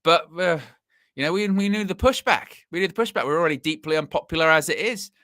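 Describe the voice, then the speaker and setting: Bright-voiced rambling man. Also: on the high side, quick pace, no room sound, clean studio sound. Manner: rambling, animated, full of fillers and restarts. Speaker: host of a fan livestream. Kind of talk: casual live commentary.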